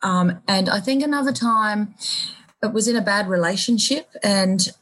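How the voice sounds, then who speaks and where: A woman's voice: mid-range voice, moderate pace, fairly bright tone, low-quality recording. A woman radio host with an Australian accent, talking reflectively in an interview, with many fillers and restarts. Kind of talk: conversational interview.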